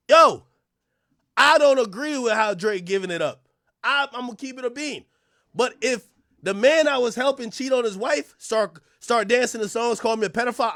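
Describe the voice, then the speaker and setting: A man hosting a livestream, ranting loudly and profanely, often laughing and now and then rapping lines in a casual chat. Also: extremely high pitch, animated, normal speed, no room sound, studio quality. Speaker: livestream host.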